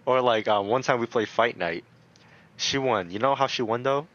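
A young man in a loose, casual chat, telling stories and breaking into laughter along the way. His voice sits at an ordinary middle pitch. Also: moderate pace, a bit bright, dry recording, lo-fi sound.

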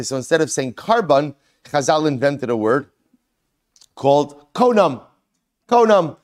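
Male Talmud teacher, mid pitch, animated self-questioning delivery, mixes Hebrew and Aramaic terms into English. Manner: animated, asks and answers his own questions. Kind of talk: Talmud lesson, explaining a text.

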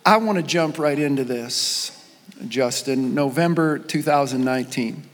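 Slow-speaking host in an echoing hall. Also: male voice, medium pitch. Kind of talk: interview questions on stage.

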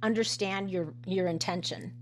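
A woman's voice: medium pitch, normal speed, a little hiss or hum. A woman who works as a coach and nutritionist, talking casually in a conversation, with frequent fillers, restarts and laughs. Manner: chatty, many restarts and fillers, laughs often.

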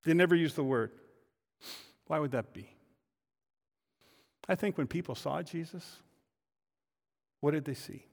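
A man, the lead pastor, preaching a sermon, building from quiet reflection to loud emphatic declarations with rhetorical questions. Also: a little high, unhurried, gravelly, long pauses, big-room sound. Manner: rhetorical questions answered in turn. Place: church sanctuary.

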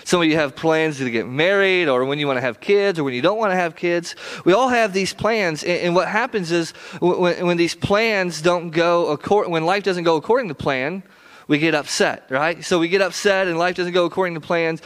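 A man's voice: high voice, moderate pace, a bit bright, clear, resonant tone. A man in his thirties, a pastor preaching an earnest, conversational sermon in a church. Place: church sanctuary.

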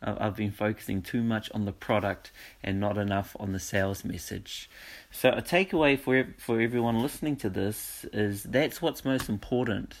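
A man's voice: fairly low pitch, moderate pace. A man talking casually to listeners, telling stories with lots of energy and frequent laughs. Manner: animated storytelling with frequent laughs. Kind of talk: casual monologue.

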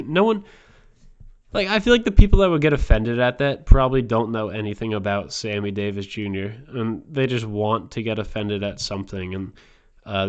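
A man's voice: fairly low pitch, smooth, muffled recording. A man hosting a podcast, delivering a rambling, crude and provocative comedic monologue. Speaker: podcast host.

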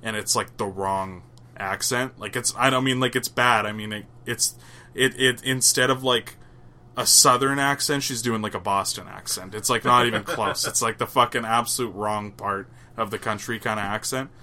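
Homem falando de forma animada, voz brilhante. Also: male voice, on the low side, steady tone, moderate pace, bright, forceful tone. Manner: rambling, swears casually, playful. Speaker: podcast co-host. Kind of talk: casual chat.

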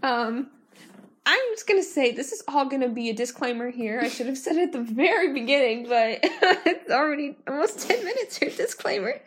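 A woman with a high voice co-hosting a casual home video. She teases her sister and bossily keeps telling her to slow down. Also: lively intonation. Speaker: co-host of a home video channel. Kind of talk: casual chat.

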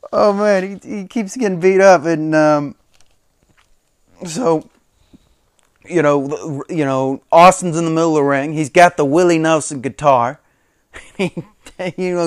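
A man's voice: sits high, no room sound, studio quality. A man hosting a casual solo podcast, retelling a story with frequent chuckles. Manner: chuckling, retelling with quoted impressions. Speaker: podcast host.

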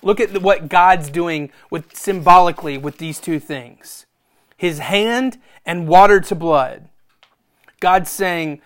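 Speaking slowly at a medium pitch, this preacher reads scripture and explains it in a sermon. Phrases get repeated for emphasis, and the delivery shifts from loud, forceful outbursts to quiet, near-whispered passages.

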